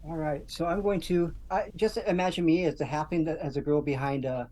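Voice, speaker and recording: A woman's voice: low voice, fairly even intonation, brisk, warm tone. A woman speaking as a player in a tabletop game, chatty, with laughing asides. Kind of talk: casual tabletop play.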